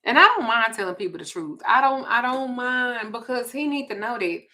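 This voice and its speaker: A woman's voice: on the high side, moderate pace. Blunt, profane Southern woman telling stories. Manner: blunt, profane, animated, with sudden loud jumps. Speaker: livestream host reading viewer comments. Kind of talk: casual storytelling chat.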